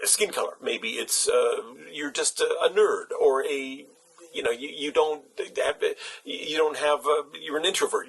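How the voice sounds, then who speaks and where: A man's voice: medium pitch, gravelly, fairly bright tone, slightly rough, low-quality recording. A man hosting his own channel, giving a reflective spoken essay, thinking aloud with many fillers and restarts. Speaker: channel host.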